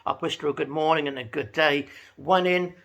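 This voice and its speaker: A man telling a chatty, animated story to camera from his home. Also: on the high side, a little fast. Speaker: vlogger. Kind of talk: casual talking-to-camera vlog.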